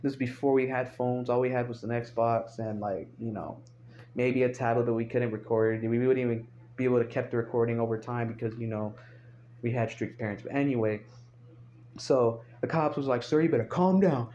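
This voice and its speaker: A man's voice: medium pitch, fairly even intonation, normal speed, warm tone. Young guy cussing thru a storytime on his phone, muffled lo-fi sound, little bg hiss. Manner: rambling, profane, laughing. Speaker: storyteller vlogger. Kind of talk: casual storytime. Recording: dull lo-fi phone audio.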